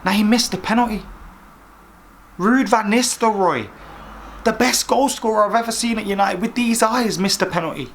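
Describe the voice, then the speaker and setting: A man's voice: high-pitched, normal speed, fairly bright tone, slight background noise. A man hosting a football fan vlog, giving opinionated commentary in an exasperated, sarcastic rant. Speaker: football fan vlogger host.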